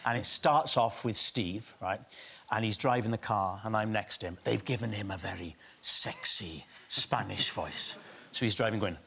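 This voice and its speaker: A man telling a comic anecdote as a chat show guest, with a deadpan buildup. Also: on the low side, moderate pace, vocal fry, husky.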